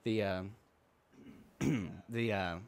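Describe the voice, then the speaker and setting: A man's voice: on the low side, fairly even intonation, drawn-out words. A man co-hosting a casual podcast chat, often stammering and repeating words as he starts his sentences. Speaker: podcast co-host.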